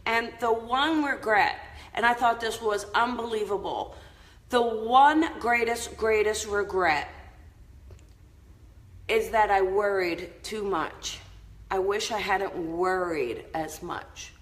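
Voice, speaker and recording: A woman's voice: medium pitch, takes it slowly, echoey room, rough recording. A woman hosting a casual live-stream chat, upbeat and chatty, laughing often as she talks to her viewers. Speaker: host of a live inspirational show.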